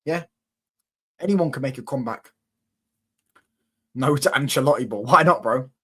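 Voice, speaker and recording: A man's voice: mid-range voice, expressive, moderate pace, pushed and bright, slightly rough. A young man, hosting a casual football live stream, bantering with viewer comments and repeating himself. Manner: banter-filled, repetitive, keeps asking if you get what he's saying. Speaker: football watchalong host.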